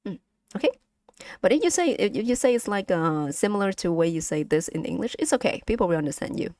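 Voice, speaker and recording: A woman's voice: mid-range voice, sing-song, a little fast, a little mellow, dry recording, clean studio sound. A woman with a Vietnamese accent teaching pronunciation on a casual live stream, patiently repeating sounds for her chat.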